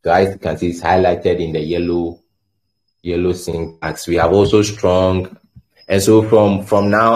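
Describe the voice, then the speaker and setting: A man giving a coding tutorial, explaining step by step and thinking aloud, often stumbling and repeating words as he types. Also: low-pitched. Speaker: coding instructor. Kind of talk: screen-share tutorial explanation.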